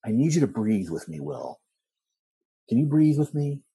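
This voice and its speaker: Guy putting on a soothing psychologist voice, soft and slow, dark tone. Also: medium pitch, sing-song, slightly rough. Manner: soft, slow, gently coaxing. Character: calm soothing male school psychologist.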